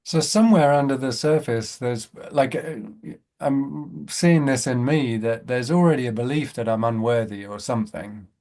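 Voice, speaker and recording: A man's voice: medium pitch, normal speed, a little mellow. A man in a reflective casual chat, talking thoughtfully and repeating words as he works out his ideas. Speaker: self-inquiry group member. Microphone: video call.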